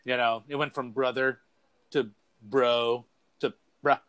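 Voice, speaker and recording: A man's voice: medium pitch, fairly even intonation, unhurried, fairly bright tone, smooth, dry recording. A man co-hosting a casual talk show, rambling and repeating words as he searches for what to say. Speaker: podcast co-host. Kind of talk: casual chat.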